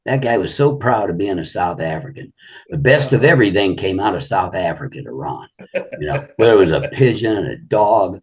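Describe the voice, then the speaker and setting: Deep, husky older man telling stories. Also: very animated, moderate pace, a little mellow. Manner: rambling anecdotes full of "you know". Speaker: guest. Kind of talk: casual storytelling interview.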